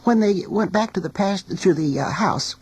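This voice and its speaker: A woman teacher telling a folk tale in a recording studio, as an expressive storyteller. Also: medium pitch, breathy edge, low-quality recording. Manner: expressive storyteller, sings small refrains slowly.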